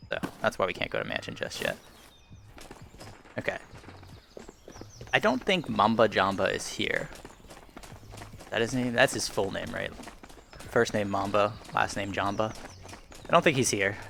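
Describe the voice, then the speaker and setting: A man with a low, gravelly voice talks through his VR shooter raids in a loose, rambling way, poking fun at himself and chuckling now and then. He speaks into a headset mic at home, with faint game sounds underneath. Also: big pitch swings, measured pace, long pauses, a bit bright, slight background noise. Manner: rambling, self-deprecating, chuckles often. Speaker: gaming YouTuber. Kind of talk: casual VR gameplay commentary. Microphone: headset boom mic.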